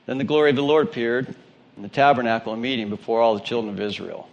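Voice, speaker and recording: A man's voice: medium pitch, steady tone, fast talker, creaky. A male pastor with a Southern twang, reading scripture and preaching an emphatic sermon that asks questions of the congregation.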